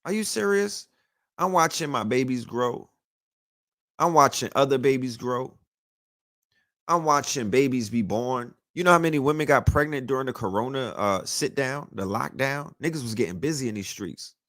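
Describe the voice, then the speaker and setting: A man's voice: mid-range voice, normal speed, a bit bright, no room sound, studio quality. A man hosting a show, ranting in a loose, profane, emphatic monologue that is full of restarts. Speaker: podcast host. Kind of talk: casual monologue.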